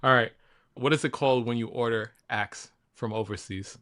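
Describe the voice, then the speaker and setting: A man's voice: mid-range voice, normal speed, a bit bright. A man in his thirties co-hosting a podcast, trading jokes in casual chat and breaking into laughing fits. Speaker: podcast co-host. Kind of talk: casual joke-telling chat.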